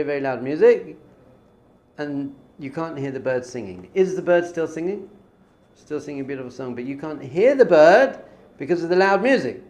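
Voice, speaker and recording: A man's voice: mid-range voice, darkish tone. A man teaching as a rabbi in an informal spiritual lesson. He talks conversationally, repeats phrases for emphasis and mixes in Hebrew terms.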